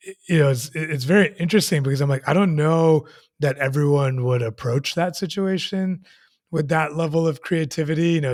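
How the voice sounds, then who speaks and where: A man hosting a podcast conversation, reflecting on his guest's story with hesitant restarts. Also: medium pitch. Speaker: podcast host. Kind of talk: conversational interview.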